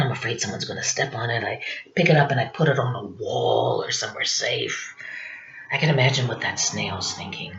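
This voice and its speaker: A woman's voice: deep voice, a bit bright. Rambling woman in her fifties, echoey room. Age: 50s. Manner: rambling, chatty, full of "you know what I'm saying". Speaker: stand-up comedian. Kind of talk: confessional comic monologue. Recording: roomy, dull lo-fi recording.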